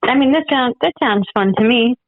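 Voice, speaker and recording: A woman co-hosting a casual podcast chat, relaxed and laughing along. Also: on the high side, normal speed, phone-quality sound, a little hiss or hum. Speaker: podcast co-host.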